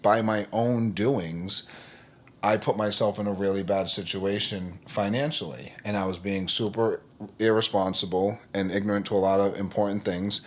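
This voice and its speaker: A man's voice: on the low side, moderate pace. A man talking as a podcast guest in a casual conversation, earnest and rambling, often saying "like" and "you know what I mean". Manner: animated storyteller who acts out quoted people.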